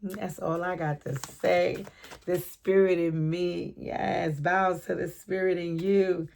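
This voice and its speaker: A middle-aged woman reads tarot cards in a loose, spontaneous way. Her gravelly voice moves slowly, then bursts into excited slang, laughter and bits of song. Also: fairly low pitch, slight background noise. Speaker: tarot reader.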